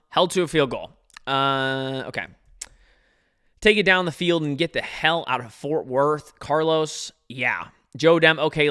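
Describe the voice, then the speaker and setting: Young guy doing a live game watch-along, kinda high bright voice, nervous and jumpy, talking to chat. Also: smooth. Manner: anxious, excitable, talks to chat readers. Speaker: podcast host.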